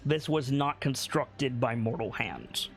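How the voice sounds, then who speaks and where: A man narrating as game master of a tabletop game, building the scene slowly, detail by detail. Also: medium pitch, faint music behind. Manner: slow, descriptive, builds scenes piece by piece.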